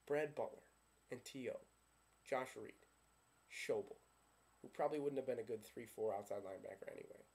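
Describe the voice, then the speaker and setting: A man's voice: medium pitch, normal speed, pauses often, darkish tone. Sarcastic man ranting about football. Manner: sarcastic, ranting, keeps asking himself questions. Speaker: sports vlogger. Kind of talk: casual fan rant.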